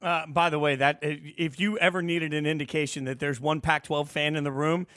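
A man hosting sports talk radio, animated and opinionated, stirring up debate with his co-host. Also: on the high side, fairly quick. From Las Vegas.

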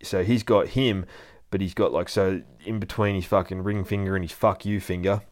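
A man with a low, heavy voice talks through a comic book issue panel by panel. He swears constantly, gets excited by the action and breaks into laughter often. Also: normal speed. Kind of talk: casual comic book recap.

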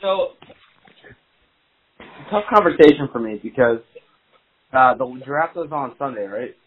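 Excitable swearing man on a tinny call. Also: medium pitch, a little slow, a little hiss or hum. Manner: excitable storyteller, swears a lot, acts out quotes. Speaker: podcast co-host. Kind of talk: casual chat about fantasy football. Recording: dry, tinny phone-line sound.

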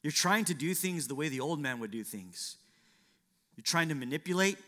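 A man's voice: on the high side, lively intonation, normal speed, bright, forceful tone. A man preaching a sermon as a pastor, building emphasis through repeated phrases. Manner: preaching with swelling, emphatic repetition.

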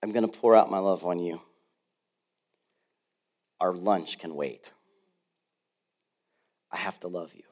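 A man in his thirties, a pastor delivering a sermon in a church, moving from quiet storytelling to loud, fervent preaching. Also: sits low, slow pace, long pauses. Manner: builds from soft storytelling to loud passionate preaching. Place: church sanctuary.

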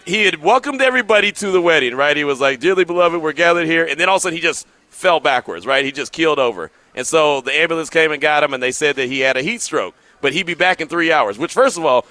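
A man hosting a sports radio show live from a sports bar, telling stories in animated casual slang. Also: a little high, no room sound. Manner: animated storytelling, drawling slang.

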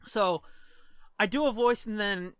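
A man's voice: high-pitched, unhurried, a bit bright, clear, resonant tone, dry recording. A man hosting a podcast in casual chat, loose and profane, laughing often. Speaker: podcast host.

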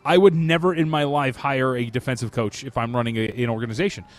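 A man's voice: mid-range voice, steady tone, quick pace. A man co-hosting a sports talk radio show, giving emphatic, opinionated takes. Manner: opinionated, emphatic, self-mocking. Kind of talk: casual sports radio banter.

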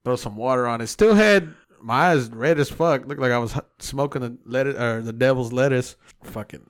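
A man's voice: medium pitch, normal speed. Rambling, profane podcast guy. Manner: rambling, profane, laughs often. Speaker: podcast co-host. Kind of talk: casual crude banter.

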